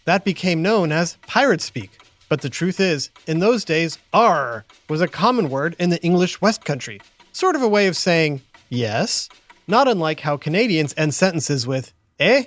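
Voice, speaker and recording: A man's voice: on the high side, very animated, normal speed, a bit bright, no room sound. A man hosting and narrating a children's educational podcast in a playful, theatrical way. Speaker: host and narrator. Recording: music playing under the voice.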